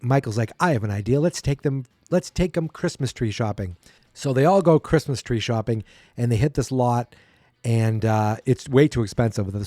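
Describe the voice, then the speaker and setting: A man with a dark, mellow voice talks through a sitcom plot in a loose, rambling recap. He pops into higher, sillier voices for the characters' quotes. The sound is close and dry, with no room around it. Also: dry recording. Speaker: podcast host. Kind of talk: casual episode recap.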